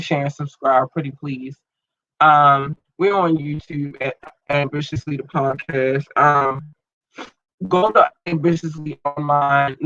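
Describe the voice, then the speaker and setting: A man's voice: fairly high pitch, pushed and bright, dry recording, muffled recording. A man hosting his own podcast in loose, rambling slang, filled with ums, talking through an irritated, watering eye. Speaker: podcast host. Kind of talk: casual solo podcast chat.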